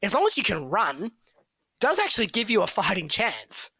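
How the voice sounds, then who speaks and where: Bright-voiced man. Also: high voice, huge pitch swings, normal speed, husky, no echo. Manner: chatty, analytical, hedging with fillers. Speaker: football draft analyst, co-host. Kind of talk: casual podcast chat.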